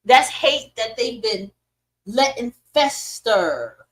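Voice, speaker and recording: A middle-aged woman hosting a podcast, ranting in casual, profane commentary with sudden loud swings and a dry throat. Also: fairly high pitch, sing-song, slow pace, poor audio. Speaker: podcast host.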